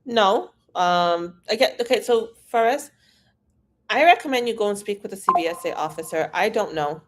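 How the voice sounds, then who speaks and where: A woman's voice: mid-range voice, expressive, moderate pace. A woman from Iran, an immigration consultant, answering viewer questions in a frank, casual live-stream Q&A and reading the questions aloud.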